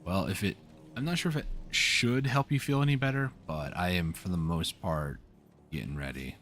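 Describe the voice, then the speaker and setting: A man's voice: low-pitched, normal speed, fairly bright tone, slight background noise. A man hosting a co-op gameplay session, chatting casually in a laid-back, teasing way. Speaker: let's play host.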